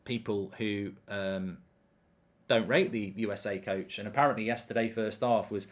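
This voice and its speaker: A man's voice: fairly low pitch, steady tone, normal speed. Brief: male host chatting through a live match watchalong, loose and rambling. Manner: chatty, rambling, lots of ums. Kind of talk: live football watchalong commentary.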